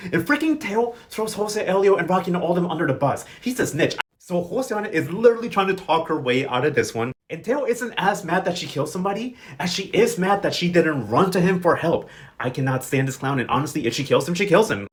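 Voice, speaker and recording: A man's voice: fairly high pitch, lively intonation, a little fast, fairly bright tone. A man recapping a soap opera in casual chat, sassy and gossipy, full of slang and acting out the characters' lines. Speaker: recap vlogger.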